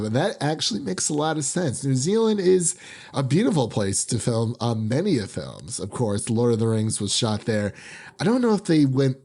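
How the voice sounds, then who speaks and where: A young man hosts a casual movie review podcast, talking into a mic. He rambles along with plenty of fillers, restarts and asides, at an ordinary middle pitch. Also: a little mellow. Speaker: podcast host. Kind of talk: casual film review chat. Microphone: podcast microphone.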